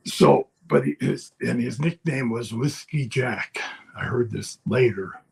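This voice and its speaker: An older man with a husky, slightly rough voice spins long, rambling wrestling anecdotes in relaxed podcast chat. He talks slowly and breaks off into chuckles as he goes. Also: mid-range voice. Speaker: guest storyteller, former wrestler.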